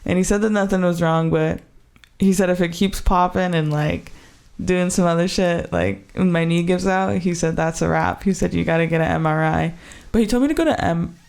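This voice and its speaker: A woman chats on a podcast, telling her story with animated energy and plenty of laughter. Her voice has a slightly gravelly fry to it. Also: fairly low pitch, normal speed. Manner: animated storytelling, swears freely, laughs often. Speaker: podcast co-host. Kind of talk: casual chat.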